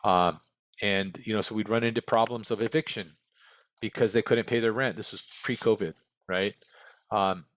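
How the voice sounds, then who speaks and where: An American man with a lowish voice speaks in a blunt, frank way, answering interview questions as a former case manager. He often checks in with his listener through short tag questions. The sound is close and dry, with little room around it. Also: a bit bright, no room sound.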